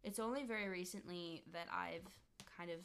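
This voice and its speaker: Bright-voiced giggly young woman chatting. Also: lowish voice, moderate pace, slight background noise. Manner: rambling and giggly, lots of fillers. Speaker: podcast co-host. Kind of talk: casual chat.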